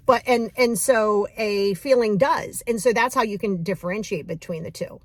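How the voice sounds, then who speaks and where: Woman, mindfulness coach, casual and animated, mid-pitched voice, dry close sound. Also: a little fast, hardly any pauses, no room sound. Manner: casual, animated, talks straight to the viewer. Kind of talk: guided mindfulness exercise.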